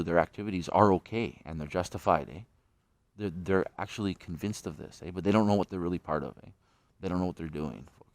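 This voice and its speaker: A man's voice: deep voice, darkish tone, no room sound. A man rambling to his camera outdoors at night, repeating himself, swearing and ending sentences with "eh?". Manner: repetitive, profane, tags sentences with "eh?". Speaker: vlogger.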